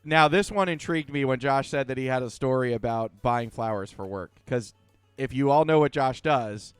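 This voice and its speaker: A man's voice: medium pitch, moderate pace, clean tone, no room sound, faint music behind. A man co-hosting a podcast, teasing his friend and steering the chat along. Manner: teasing, keeps the story moving. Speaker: podcast co-host. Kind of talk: casual chat.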